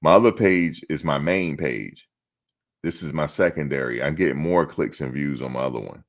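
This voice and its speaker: A middle-aged man with an extremely deep, low voice hosts a sports live stream. He talks casually and bluntly, answering his chat in a streetwise way. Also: normal speed. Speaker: sports channel host.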